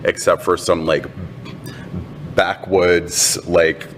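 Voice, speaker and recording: A man's voice: low voice, little pitch movement, slow pace, a bit bright, a little hiss or hum. A man co-hosting a casual entertainment news chat, snarky and blunt. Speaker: co-host.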